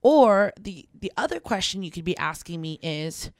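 A woman's voice: lowish voice, lively intonation, no room sound. Young woman, campus radio co-host, casual reflective talker, dry close sound. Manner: conversational, reflective, quick asides. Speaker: co-host of a college radio talk show. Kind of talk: casual advice chat.

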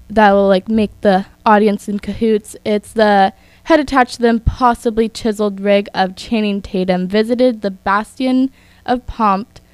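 A young woman hosts an entertainment news show on the radio, moving through her stories in a chatty way and adding casual opinions as she reads. Her voice is smooth and clean. The sound is close and dry, with no room around it. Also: mid-range voice, a little mellow, no room sound. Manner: chatty, reads from notes with asides. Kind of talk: scripted entertainment news talk.

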